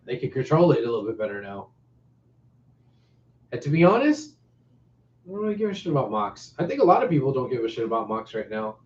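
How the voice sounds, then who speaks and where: Animated male podcast voice, middle pitch, dull lo-fi room sound. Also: fast talker, long pauses, roomy sound. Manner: animated, presses with questions. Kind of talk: casual wrestling chat.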